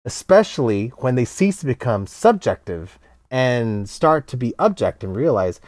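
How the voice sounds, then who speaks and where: Middle-aged cello teacher guy, super lively pitch, bounces around, dry close sound, plays out little student voices. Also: no room sound. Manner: animated, acts out students in quick quoted voices. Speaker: cello teacher, interview guest. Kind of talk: casual interview talk.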